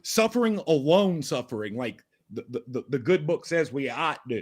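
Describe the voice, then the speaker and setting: High-voiced, foul-mouthed, blustering man. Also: big pitch swings, normal speed. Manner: profane, blustering, provocative. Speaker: panelist. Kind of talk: heated casual debate.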